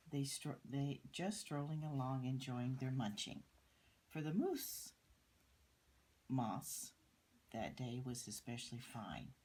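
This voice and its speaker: An older woman reading a picture book aloud to children, pausing to point out the pictures. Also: rumbling low, darkish tone, a little hiss or hum, rough recording. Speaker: storyteller.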